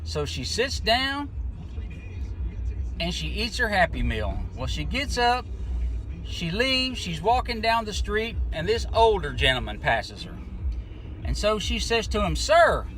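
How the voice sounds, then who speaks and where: A man's voice: high voice, big pitch swings, unhurried, pauses often, a bit bright, soft background music, poor audio. A man hosting his own vlog, telling a joke in a folksy, chatty drawl.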